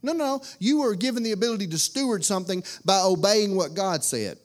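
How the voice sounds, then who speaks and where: High-voiced preacher man. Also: animated, brisk. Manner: folksy, conversational preaching with repeated phrases. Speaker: pastor. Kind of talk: sermon.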